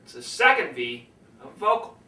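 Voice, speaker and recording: A man teaching public speaking with a high, bright voice. His pitch swings widely as he acts out tones to show what he means. He sounds a little away from the mic, in an echoey room. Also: moderate pace, recorded from a distance. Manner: animated, demonstrates tones by acting them out. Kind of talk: speaking-skills lesson.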